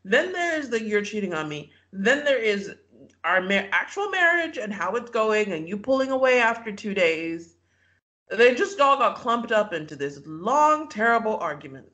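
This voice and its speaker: Animated, lively-pitched podcast co-host. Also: moderate pace. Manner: animated storytelling, acts out quotes, laughs often. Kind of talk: casual recap chat.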